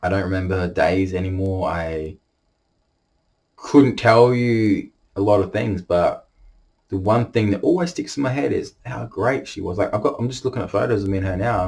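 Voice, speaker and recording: A man's voice: low-pitched, creaky, a little mellow. Tearful man confessing. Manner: halting, emotional, many restarts. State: holding back tears. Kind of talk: emotional personal confession to camera.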